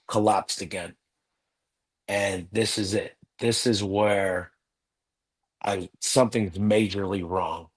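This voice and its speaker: A man's voice: lowish voice, a little mellow. A man telling a personal story earnestly as a guest in a live interview.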